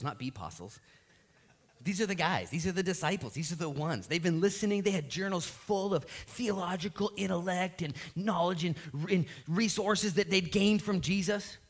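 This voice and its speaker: A man preaching a sermon as pastor of a church, telling the story with lively acted-out voices. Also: a little high, fairly quick.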